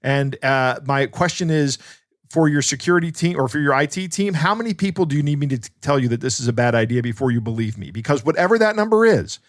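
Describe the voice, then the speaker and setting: A man's voice: medium pitch, animated, fast talker, no echo, studio quality. A man co-hosting a podcast as a security expert, telling stories in casual chat with many restarts.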